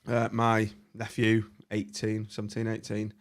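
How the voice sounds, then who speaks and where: A man's voice: on the low side, monotone, measured pace. A man hosting a casual podcast chat, speaking hesitantly with many fillers. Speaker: podcast host.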